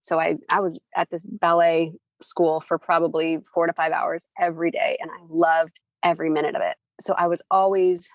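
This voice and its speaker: A middle-aged woman, a former publicist, telling her story in a relaxed, chatty interview. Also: fairly low pitch, moderate pace, no echo. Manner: chatty, acts out quoted people. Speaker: guest, former entertainment publicist.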